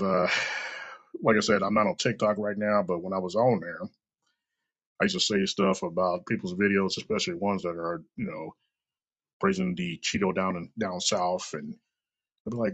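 A man's voice: lowish voice, sing-song, normal speed, gravelly, pauses often, fairly bright tone, slightly rough. A man hosting a solo podcast, rambling and swearing freely with self-mocking asides. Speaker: podcast host. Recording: dull lo-fi recording.

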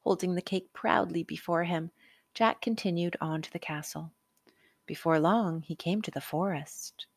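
A woman narrating a children's storybook aloud, expressive and unhurried. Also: fairly low pitch, no echo.

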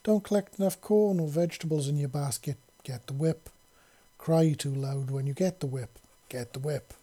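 A man voicing a scarred young human man who speaks softly. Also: a little high, moderate pace, natural voice. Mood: bitter. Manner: soft-spoken.

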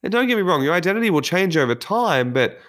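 A man's voice: high voice, sing-song, fast talker, fairly bright tone. A man speaking in an earnest, candid and reflective way, delivering a motivational monologue on personal development.

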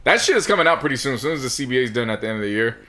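A man co-hosting a podcast, chatting casually about sports and laughing often as he tells stories. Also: rapid-fire. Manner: animated, laughs often, jumps high when telling stories. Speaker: podcast co-host.

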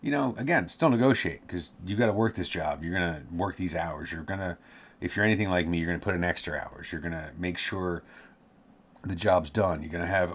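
A man's voice: deep voice, moderate pace. A man giving casual career advice, rambling and correcting himself, sometimes laughing at his own tangents.

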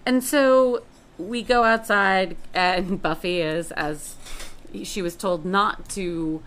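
A woman in casual chat recapping a TV episode, animated and profane, acting out the characters' lines. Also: fairly low pitch, takes it slowly.

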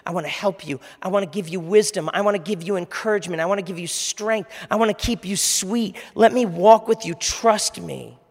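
A man preaching who voices God as a caring, gentle male figure pleading softly. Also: high-pitched, a little fast, few pauses, slightly rough. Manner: repeated soft pleas. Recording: long reverb of a large hall.

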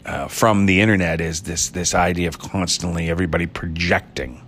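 A man's voice: deep voice, steady tone, brisk, few pauses, fairly bright tone, a little hiss or hum. A man from Ireland hosting a podcast, musing alone in a rambling, playful way with wry asides. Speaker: podcast host. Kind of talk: solo musing monologue.

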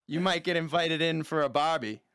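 A man's voice: fairly high pitch, a little fast, fairly bright tone, clear, resonant tone, no echo, studio quality. A man, a podcast guest, ranting bluntly and swearing freely in casual chat. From Boston area, USA.

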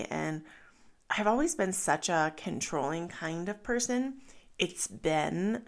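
Woman, 30s, mother, low-pitched, gravelly fry, candid reflective monologue. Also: lively intonation, slow pace. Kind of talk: personal vlog monologue.

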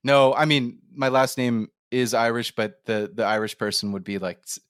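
A man from Canada hosting a casual podcast interview, talking in an animated, storytelling way with quick asides. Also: medium pitch, smooth, dry recording, clean studio sound. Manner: animated, storytelling, slips into playful impressions. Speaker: podcast host.

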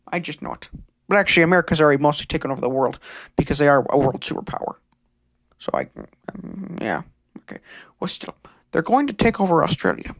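A man's voice: fairly high pitch, no room sound. A man hosting a comedic conspiracy podcast, rambling and stammering in a mock-serious way. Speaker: podcast host.

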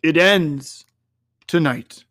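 A man voicing a solemn, sorrowful aging spirit in a storybook reading, speaking loudly and slowly. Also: on the high side. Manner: loud, slow, declaiming.

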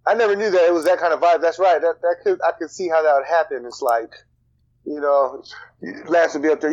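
A man with a somewhat high voice co-hosts a podcast, joking and chiming in with quick reactions. His audio sounds a little dull and muffled. The talk is loose and casual. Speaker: podcast co-host. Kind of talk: casual chat.

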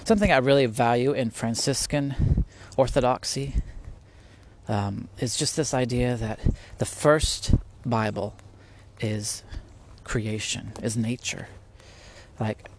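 A man with a medium-pitched voice hosts a podcast at a slightly slow pace, talking casually and earnestly about faith. He rambles with restarts and laughs often, recording at home near spiders.

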